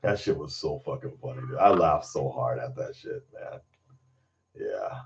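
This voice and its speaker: A man's voice: extremely low pitch, very animated, a little slow, creaky, muffled recording, a little hiss or hum. A man hosting his own channel, chatting casually, rambling and swearing freely and breaking into laughter. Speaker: channel host. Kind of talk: casual livestream chat.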